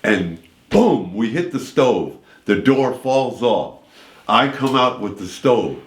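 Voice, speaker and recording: A man's voice: mid-range voice, slow pace, reverberant. A man guest on a radio show, telling a long anecdote and voicing the people in it. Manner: lively anecdote with voiced quotes. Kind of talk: animated storytelling. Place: radio studio.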